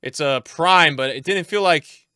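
Young guy streamer yelling at chat, high bright voice, super dry close mic. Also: unhurried, smooth, dry recording. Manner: shouts and shrieks with excitement, talks to chat. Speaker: streamer opening packs. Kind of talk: excited live-stream commentary.

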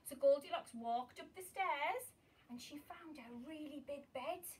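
A woman teacher tells a children's story in a high, lively voice, with dramatic gasps and hushed whispers for suspense. The mic is a little way off. A faint hiss sits behind her. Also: moderate pace, far from the mic. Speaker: primary school teacher.

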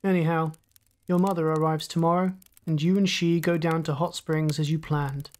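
A woman narrator voicing a blunt, indignant middle-aged father who talks gruffly and emphatically. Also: deep voice, level tone, moderate pace, darkish tone, natural voice. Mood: stern.

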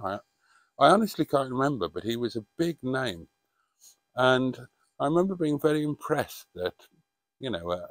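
A man's voice: mid-range voice, dry recording. A middle-aged man reminiscing in a casual vlog monologue, rambling and hesitant with frequent ums. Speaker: vlogger.

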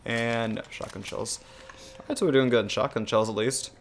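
A young man co-hosting a gaming channel, thinking out loud and swearing freely as he plays. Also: medium pitch, fairly even intonation, fairly quick, a little hiss or hum. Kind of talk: casual gameplay commentary.

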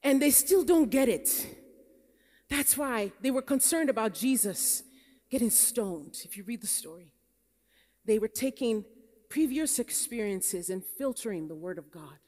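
A woman's voice: on the high side, expressive, measured pace, a little mellow. A Nigerian American woman pastor preaching a sermon, telling stories that build to emphatic preaching. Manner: storytelling, rising to emphatic preaching. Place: conference hall. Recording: long hall reverb.

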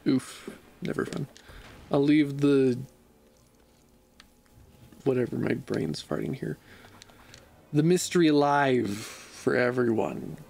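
A man's voice: medium pitch, animated, slow pace, creaky, pauses often, darkish tone. A man streaming a game and chatting casually, laid-back and joking at his own expense. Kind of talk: casual gaming livestream chat.

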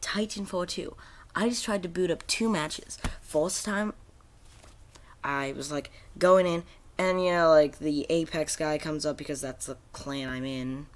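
A man who creates gaming videos, his pitch fairly high and his pace unhurried, rants in frustration about a game. Constant cursing, rambling, fillers and restarts fill this angry tirade.

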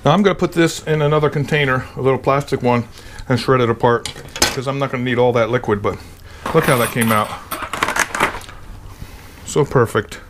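Excited man tasting his barbecue. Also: medium pitch, a little fast, long pauses, background noise. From Pennsylvania. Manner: enthusiastic, tasting and reacting with pleased murmurs. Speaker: cooking video host. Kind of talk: casual cooking vlog.

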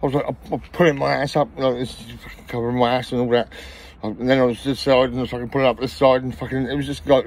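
Middle-aged man, out of breath, rapid swearing ramble, personal vlog. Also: mid-range voice, steady tone, a little hiss or hum. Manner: rambling, swears constantly, repeats himself. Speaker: vlogger.

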